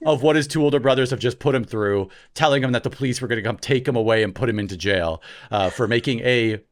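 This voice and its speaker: A man from Canada in his thirties, co-hosting a podcast and telling a story in a casual, animated way, loudly acting out the people he quotes. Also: medium pitch, fast talker. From Ontario, Canada. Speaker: podcast co-host.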